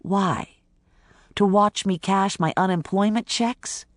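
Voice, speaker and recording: A woman's voice: medium pitch, takes it slowly, dry recording, clean studio sound, natural voice. An audiobook narrator voicing a tough, weary woman police officer who talks in a blunt, wry, defensive way. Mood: stubborn. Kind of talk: audiobook character voice.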